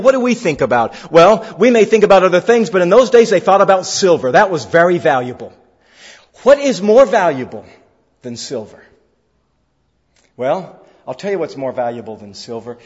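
Male preacher, high and animated, earnest sermon delivery; recorded in a reverberant church, slightly muffled. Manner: earnest, repetitive preaching with rising emphatic calls. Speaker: pastor. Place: church service. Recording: roomy hall, slightly dull sound.

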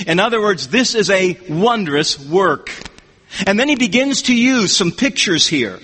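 High-voiced man preaching in echoing hall. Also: big pitch swings, a bit bright, husky. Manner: measured, emphatic scripture reading. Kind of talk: expository sermon. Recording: long hall reverb.

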